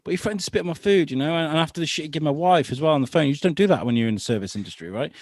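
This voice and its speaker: A man's voice: a little high, lively intonation, racing, no room sound, clean studio sound. A man co-hosting a podcast, telling a story in casual chat with lots of swearing. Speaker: podcast co-host.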